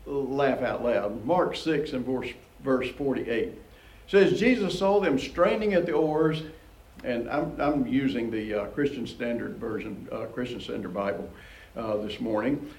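Conversational preacher man, echoey room. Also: measured pace. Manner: conversational, chuckles often, animated rises in pitch. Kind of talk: sermon, Bible teaching.

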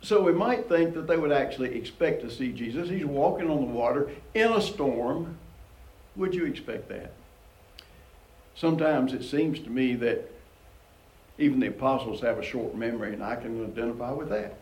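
A man's voice: moderate pace, roomy sound, rough recording. A man preaching a casual, conversational Bible teaching and chuckling often as he reads and comments on scripture. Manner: conversational, chuckles often, animated rises in pitch.

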